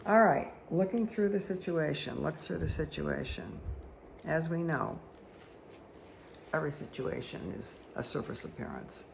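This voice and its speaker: Her voice is low, creaky and sing-song, moving a little slowly, with slight background noise behind it. She's a woman reading tarot and angel cards as a spiritual guide, talking casually and ramblingly to viewers and repeatedly checking in with "okay?"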